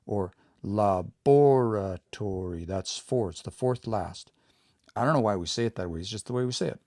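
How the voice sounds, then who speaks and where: A man giving a relaxed livestream language lesson, explaining patiently and thinking aloud as he reads out viewer comments. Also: lowish voice, a little fast, no room sound, studio quality. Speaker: language teacher.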